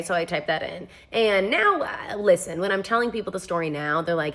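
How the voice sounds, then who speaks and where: A woman telling a casual storytime with wry, deadpan asides and animated quoted replies. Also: mid-range voice, brisk, few pauses.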